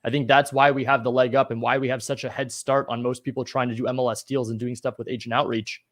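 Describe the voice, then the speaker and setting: A man's voice: mid-range voice, quick pace. A man in his twenties talking casually and energetically as a co-host, coaching listeners. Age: 20s. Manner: energetic, motivational. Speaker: co-host, real estate agent.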